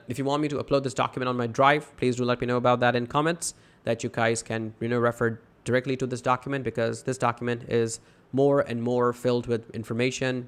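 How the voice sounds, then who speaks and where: A man's voice: mid-range voice, clean tone. A man gives a casual online English grammar lesson, reading example sentences aloud and then talking them through. He leans on fillers such as "you know" and "right?" as he goes. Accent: South Asian English.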